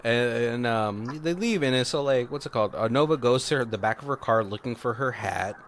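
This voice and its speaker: A man of ordinary pitch retells a horror movie's plot in a loose, rambling way, often breaking into laughter. He swears freely and slips into quick impressions of the characters as he goes. Plain, everyday podcast chat. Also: slight background noise. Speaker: podcast co-host. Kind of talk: casual movie recap chat.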